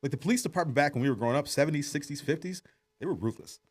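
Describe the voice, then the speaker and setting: Fast-talking profane man. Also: fairly high pitch. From Detroit, Michigan. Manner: profane, animated storyteller. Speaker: podcast guest, jiu-jitsu coach. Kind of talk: casual storytelling chat.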